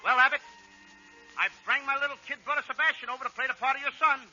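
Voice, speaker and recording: Whiny high-voiced comic man. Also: steady tone, fast talker, pushed and bright, faint music behind. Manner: whiny, indignant wisecracking. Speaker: comedian. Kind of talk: 1940s radio comedy. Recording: dull 1940s radio broadcast, faint hiss.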